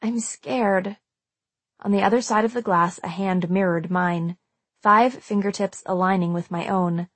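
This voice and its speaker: A woman's voice: on the low side, fairly even intonation, moderate pace, no echo. Woman narrating a suspenseful audiobook. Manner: tense, suspenseful storytelling. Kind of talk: first-person audiobook narration.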